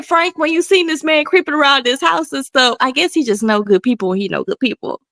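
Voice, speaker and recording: A woman chatting casually as a podcast host, blunt and animated, cursing freely. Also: high voice, brisk, few pauses. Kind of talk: casual chat.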